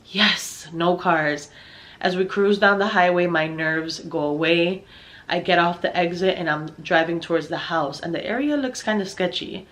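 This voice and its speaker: A woman's voice: fairly low pitch, normal speed, fairly bright tone. A young woman narrating a personal story in a casual storytime style, swearing a lot and sounding exasperated as she acts out what people said. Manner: profane, exasperated, acts out dialogue.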